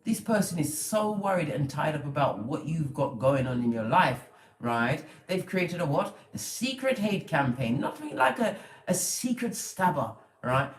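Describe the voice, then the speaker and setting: Animated tarot reader, echoey room. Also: mid-range voice, a little slow. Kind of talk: spiritual tarot reading monologue.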